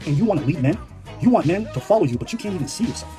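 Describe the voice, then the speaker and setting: A man's voice: high voice, expressive, racing, dark tone, faint music behind. A man ranting in a clip, brash and mocking, heated and full of laughter. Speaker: online commentator. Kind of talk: profane reaction rant.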